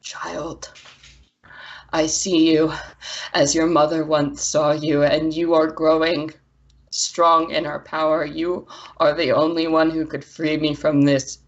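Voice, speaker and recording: A woman voicing a proud ancient female water elemental who pleads in a choked, breathy voice, over dull lo-fi audio. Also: low voice, flat delivery, measured pace. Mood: pleading.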